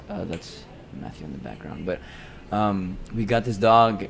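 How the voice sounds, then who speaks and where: A young man co-hosting a podcast, chatting casually and telling a family story that builds to loud, excited bursts. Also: low-pitched, a little slow, vocal fry, slight background noise. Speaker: podcast co-host. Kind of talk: casual chat.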